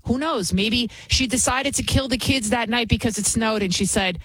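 A woman's voice: a little high, normal speed, fairly bright tone, husky, dry recording, low-quality recording. A woman hosting a talk show, giving emphatic opinionated commentary and repeating her key phrases.

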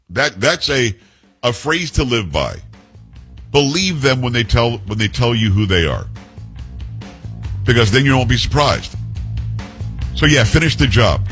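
Male call-in talk host, husky, middle pitch, opinionated and punchy. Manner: blunt, forceful, storytelling.

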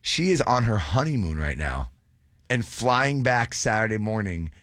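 A man's voice: on the low side, big pitch swings, a little slow, a bit bright, no room sound. Young man, eager rambling guest, dry close mic. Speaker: event organizer guest. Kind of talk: casual chat.

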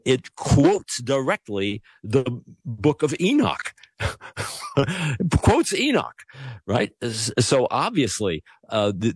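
A man speaking as a scholar guest on a call-in show, talking in halting phrases full of restarts and stammers. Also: mid-range voice, darkish tone, no echo. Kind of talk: radio call-in discussion.

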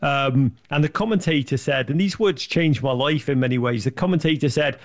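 A man, an interview guest, telling lively anecdotes with lots of restarts and fillers. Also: medium pitch. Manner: enthusiastic storyteller, quick restarts and fillers. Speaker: interview guest, sports media founder. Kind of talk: animated anecdotal interview talk.

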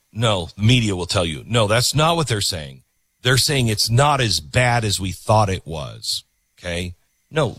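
A low-voiced man hosts a show and comments on video clips with emphatic delivery. His pitch swings widely as he talks. The sound is close and dry. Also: a bit bright, breathy edge, dry recording. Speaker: host.

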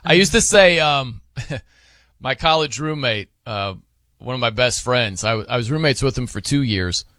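A man's voice: mid-range voice, unhurried, dry recording. A man hosting a sports radio show in a studio, chatting casually, laughing and telling anecdotes. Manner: lively, laughing, tells anecdotes. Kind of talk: casual on-air banter.

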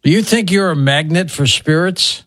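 A man hosting a radio call-in show, talking in a relaxed, conversational way. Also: a little high, normal speed, no room sound, studio quality. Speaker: radio host.

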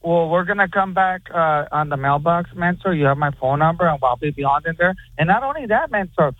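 A man's voice: a little high, animated, fairly quick, no room sound. A man who calls in regularly, eagerly promising his picks. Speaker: regular caller. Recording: phone line.

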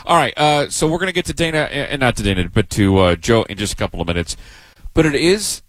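A man hosting sports talk radio, joking bluntly and drawing out his points slowly. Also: medium pitch, sing-song, fairly bright tone, no room sound, low-quality recording. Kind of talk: casual sports radio banter. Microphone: studio microphone.

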